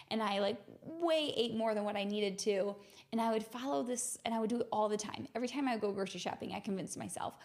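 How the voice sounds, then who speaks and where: A woman's voice: mid-range voice, brisk, darkish tone. A woman hosting a mindfulness podcast, animatedly telling a personal story and acting out her own inner voice.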